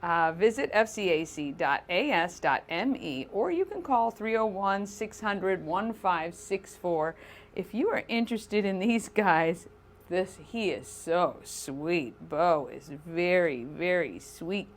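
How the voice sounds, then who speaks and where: A woman's voice: lowish voice, expressive, slow pace. A woman hosting a local morning show, chatty and upbeat, laughing easily as she talks.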